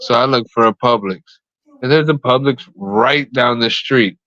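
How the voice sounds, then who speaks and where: A man's voice: medium pitch, normal speed, fairly bright tone, no echo. A man co-hosting a casual podcast, telling rambling stories and swearing casually. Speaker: co-host. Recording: slightly dull, dry mic.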